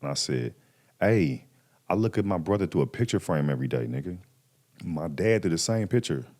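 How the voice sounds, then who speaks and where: A man in his thirties with a low-pitched voice, speaking a little fast, is a guest on a podcast. He casually tells a personal story full of slang, animatedly acting out the voices of people he quotes.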